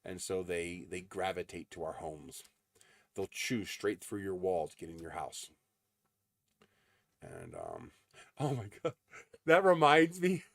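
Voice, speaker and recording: Low-pitched man, livestream host, casual chat, rambling with many ums, dry sound. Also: big pitch swings, takes it slowly, gravelly, long pauses, a bit bright, no echo. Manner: rambling storyteller with frequent ums. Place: home in the desert.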